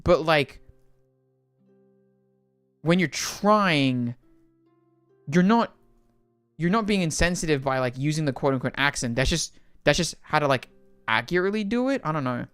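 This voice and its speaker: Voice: mid-range voice, a little slow, pauses often, smooth, dry recording, soft background music. A livestreamer chatting casually while playing a game, rambling with many fillers and restarts. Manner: rambling, filler-heavy, animated.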